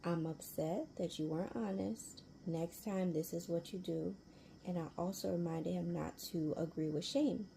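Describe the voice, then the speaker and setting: A woman sharing parenting advice in a casual storytelling vlog, chatty and quick to laugh, repeating her key points, recorded at home. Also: on the low side, gravelly, warm tone. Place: at home near a humming fridge. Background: faint fridge hum.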